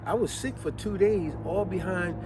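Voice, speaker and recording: A man's voice: high voice, moderate pace, noisy background. A man hosting a vlog, explaining things casually and telling stories with acted-out quotes and sneezes. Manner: animated storyteller who acts out quotes and sneezes. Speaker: vlog host.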